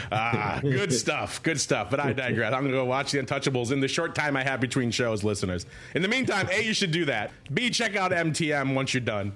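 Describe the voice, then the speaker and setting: A middle-aged man hosting a podcast in casual banter, animated and digressive, often slipping into movie quotes. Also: mid-range voice, moderate pace. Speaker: podcast host.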